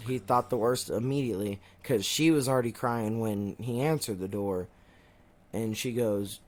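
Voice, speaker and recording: A man's voice: lowish voice, moderate pace, darkish tone. A young man co-hosting a casual podcast, telling a long story in a rambling way, swearing often and acting out what people said. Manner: rambling storyteller, swears a lot, acts out quotes. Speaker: podcast co-host. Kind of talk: casual chat.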